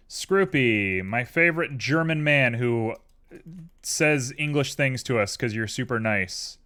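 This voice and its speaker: A man's voice: medium pitch, measured pace, fairly bright tone, clear, resonant tone. A tired man chatting casually and rambling drowsily on a live stream while he works on a 3D model at his computer.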